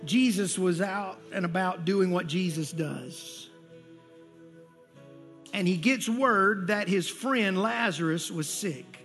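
Male pastor, very high voice, sermon in a big echoing church with soft music behind. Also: slow. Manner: preaching with rising intensity and emphatic repetition. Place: church sanctuary. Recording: long hall reverb with faint music.

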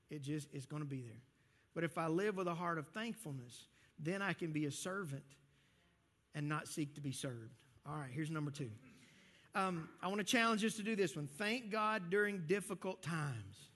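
High-voiced male pastor in a reverberant hall. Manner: conversational, animated preaching with frequent restarts. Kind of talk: sermon. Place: church hall with a live congregation.

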